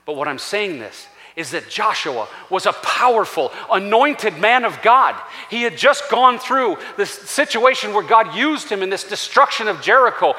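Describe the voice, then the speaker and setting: A man pastor preaching a sermon in a church, animated and acting out scripture voices. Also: sits high. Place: church sanctuary. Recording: long church-hall reverb.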